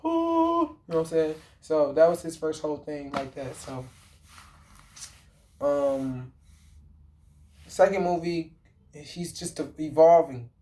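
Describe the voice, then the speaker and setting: A man with a somewhat high but mellow, warm voice chats casually to his viewers. He rambles, restarts his sentences and throws in slang and swearing as he goes. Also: steady tone, slow pace, long pauses, a little hiss or hum. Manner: rambling, slangy and profane, with frequent fillers and self-corrections. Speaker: vlogger. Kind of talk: casual movie talk.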